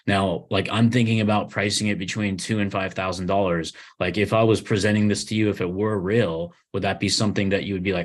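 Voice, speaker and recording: A man's voice: low voice, fairly even intonation, brisk, hardly any pauses. A man co-hosting a livestream, talking in a blunt, profane, motivational way. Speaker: podcast co-host, agency owner. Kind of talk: casual livestream chat.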